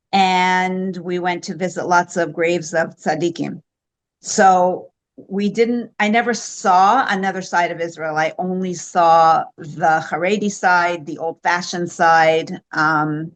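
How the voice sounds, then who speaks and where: An older American woman, the host's mother, reflecting in a relaxed interview and laughing easily. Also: lowish voice. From United States. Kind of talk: casual conversational interview.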